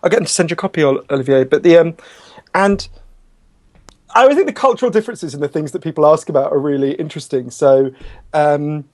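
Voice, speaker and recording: A man, a guest author in a podcast interview, telling stories in a quick, chatty, animated way with self-deprecating asides. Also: a little high. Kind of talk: conversational interview storytelling.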